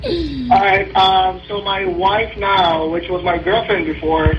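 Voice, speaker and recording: High-voiced male caller on a car phone. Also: far from the mic, faint music behind. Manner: halting, rambling storyteller. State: driving while talking. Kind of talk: phoning in to a radio show. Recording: muffled phone call from a car.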